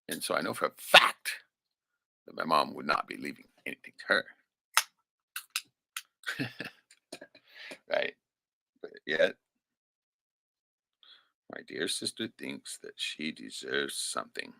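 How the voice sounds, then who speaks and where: Man with a low, sharp voice for a profane story-time monologue; rambling, swinging delivery, dry sound. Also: gravelly, no echo. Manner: rambling and profane, often tags lines with "right?" and chuckles. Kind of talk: casual personal storytelling monologue.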